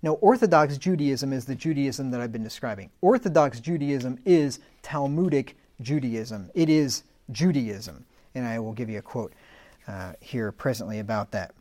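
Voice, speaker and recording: A Bible teacher delivers a teaching talk in a medium-pitched, animated, darkish male voice at a moderate pace. He reads old scripture aloud with building emphasis, then drops into plain, conversational asides full of fillers between passages.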